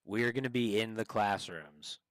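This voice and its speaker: Over heavy background noise, a man with a lowish voice streams and chats casually with strangers at normal speed. He rambles hesitantly, with many fillers and restarts.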